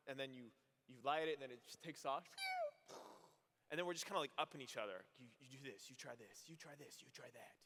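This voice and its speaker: A young adult man from Arizona, a priest giving a youth conference homily, telling stories in an animated way and acting out voices. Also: on the high side, slight background noise. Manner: animated storytelling, acts out voices. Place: large hall. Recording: echoey hall, long reverb.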